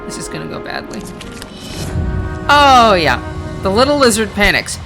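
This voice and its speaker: Let's-play narrator: animated delivery, reads card text, chats and self-corrects over game music. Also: medium pitch, fast talker, gravelly. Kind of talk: reading game text aloud with casual asides.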